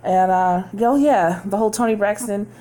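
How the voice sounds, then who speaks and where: A woman's voice: medium pitch, moderate pace, mellow. A woman hosting a podcast from home, talking in a candid, chatty way and laughing often. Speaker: podcast host. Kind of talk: casual chat.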